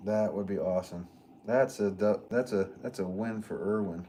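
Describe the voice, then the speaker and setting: A relaxed man with a fairly low voice hosts a live stream from his pottery studio. He rambles casually through viewer comments, chuckling and leaving sentences half-finished, with a faint hiss behind him. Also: normal speed. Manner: easygoing and rambling, chuckles often, trails off mid-sentence.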